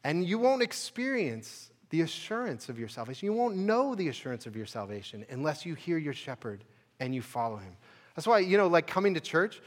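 Guy preaching a sermon, kinda high voice, chatty then punchy, church echo. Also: sing-song, brisk. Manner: conversational preaching with restarts, building to emphatic peaks. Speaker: pastor.

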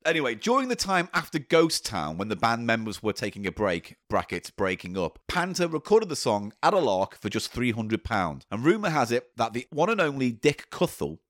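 A man co-hosting a relaxed music chat, his pitch rising and falling a lot as he reads out comments and throws in wry asides. His voice sounds close and dry, with no room around it. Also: normal speed, few pauses, no room sound. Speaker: podcast co-host.

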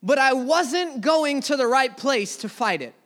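A young man preaching a sermon, telling a personal story earnestly, his voice dropping low and soft then rising loud. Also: animated, measured pace.

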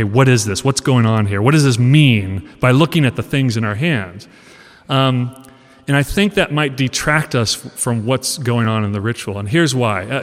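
A college professor in his forties giving an animated, conversational talk, asking his audience questions and acting out lines. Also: medium pitch. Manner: animated storyteller, acts out quoted lines. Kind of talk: casual lecture talk. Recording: long reverb of a hall.

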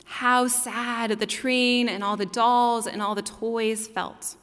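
A woman preacher spinning a children's tale for her listeners, slow and deliberate, with wry asides. Her fairly high voice rings through a long hall reverb. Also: smooth. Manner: expressive, playful asides. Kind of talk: sermon storytelling.

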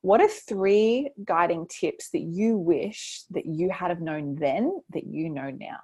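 A woman's voice: on the low side, animated, slow pace, breathy edge. A woman hosting a podcast interview, affirming her guest in a casual, filler-heavy way. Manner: warm and affirming, full of fillers. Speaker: podcast host.

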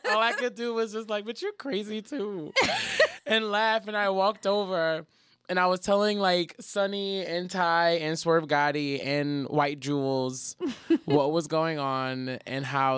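A man's voice: fairly high pitch, measured pace, clear, resonant tone, no echo. A young man from New telling a profane story in casual talk, acting out every quote. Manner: animated, profane, acts out quotes.

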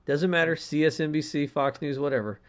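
A man's voice: on the high side, a little fast. A man hosting a podcast, chatting casually and ranting with profanity. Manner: rambling, profane, expressive. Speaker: podcast host. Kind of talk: casual chat.

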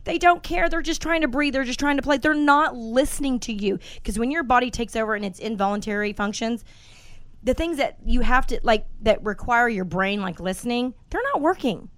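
A woman in her forties hosting a casual podcast, telling stories in a blunt, animated way and swearing freely. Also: on the high side, a little fast, dry recording. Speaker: podcast host.

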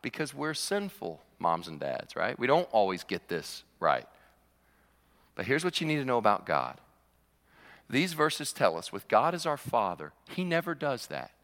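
A male pastor preaching with a lively, swooping delivery and a bright, ringing tone. He repeats words for emphasis and chuckles between points. His voice carries the long reverb of a large church sanctuary. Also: mid-range voice, normal speed. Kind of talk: sermon.

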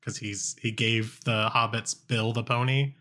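A man hosting a podcast, asking questions in a halting way with many fillers. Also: mid-range voice, little pitch movement, bright, forceful tone. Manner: halting, searching for words. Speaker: podcast host. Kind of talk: casual podcast interview.

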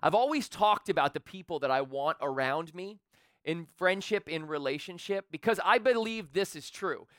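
A man's voice: fairly high pitch, lively intonation, moderate pace, fairly bright tone, no echo, studio quality. A man preaching a sermon as pastor, talking conversationally with rhetorical questions. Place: church.

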